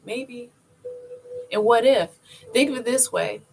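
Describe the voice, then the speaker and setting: A woman vlogger talking casually to camera in a chatty, animated way, often laughing. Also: fairly high pitch, slow. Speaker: wellness vlogger. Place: indoor filming setup with two cameras. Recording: clear music playing behind. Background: music.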